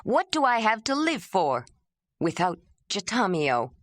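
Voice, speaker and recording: A woman's voice: mid-range voice, sing-song, unhurried, no echo, pitched above the performer's own voice. A woman voicing a grieving young wanderer, speaking with raw, defiant emotion in an audiobook. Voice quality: pleading, emotional. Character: proud young man, grieving, restless wanderer.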